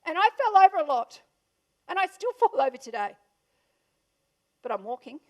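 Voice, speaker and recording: Punchy high-voiced Australian woman speaker. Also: big pitch swings, normal speed. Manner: punchy, asks the audience questions. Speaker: motivational speaker. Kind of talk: motivational keynote talk. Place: event room before a live audience.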